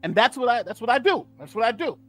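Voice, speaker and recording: The host of a legal commentary channel, a man with a very high-pitched voice, talks quickly during a casual live stream with faint music in the background. He's animated and talkative, gloats, and repeats himself.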